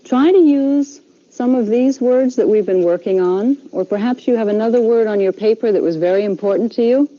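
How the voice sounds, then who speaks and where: Woman, language teacher, patient and repetitive, dark mellow voice, muffled classroom recording. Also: on the high side, fairly quick. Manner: patient, repeats instructions, many okays.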